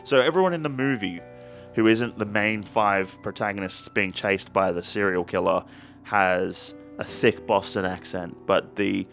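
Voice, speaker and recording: A man's voice: lowish voice, a little slow, creaky, a bit bright, soft background music. A young man hosting a casual comedic movie review, rambling and profane, with jokey asides and restarts.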